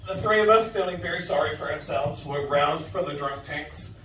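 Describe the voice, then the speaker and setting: A young man doing stand-up in a bar delivers a brash, self-deprecating story laced with swearing, his voice fairly high, a bit bright and at normal speed. Heard from a distance, the noisy recording carries the bar's echo.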